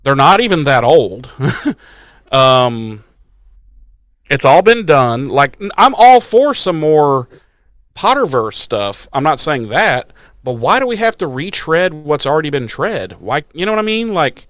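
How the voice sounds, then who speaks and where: A man's voice: fairly high pitch, very animated, unhurried, fairly bright tone, no room sound, clean studio sound. A man co-hosting a podcast, ranting in casual chat with sarcastic, profane asides. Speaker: podcast co-host.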